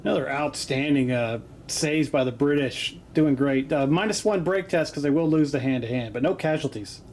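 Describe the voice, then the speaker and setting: Heavy background noise fills the recording as a man with a slightly high voice calls dice rolls at normal speed. He's giving casual commentary for a tabletop wargame battle report in a home basement, chatty and joking, with plenty of "uh" fillers.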